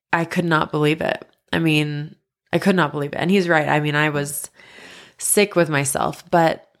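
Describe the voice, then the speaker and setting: A young woman with a low, gravelly voice tells a personal story on her podcast. She gets animated and acts out the voices of the people in it. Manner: animated, quoting others in dialogue, breaks into laughs. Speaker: podcast host.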